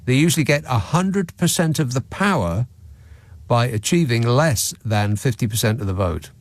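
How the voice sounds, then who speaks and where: A man's voice: mid-range voice, animated, moderate pace, no room sound. A man hosting a radio phone-in, talking in a sarcastic, mocking, dry-witted way. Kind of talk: opinionated talk radio monologue. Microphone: studio microphone.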